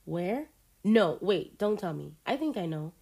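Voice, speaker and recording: A woman reading aloud and voicing an excitable, distracted teenage girl who seems to talk to herself. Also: fairly low pitch, a little slow, vocal fry, breathy edge, exaggerated voice. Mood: excited. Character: scatterbrained teenage girl, the narrator's best friend.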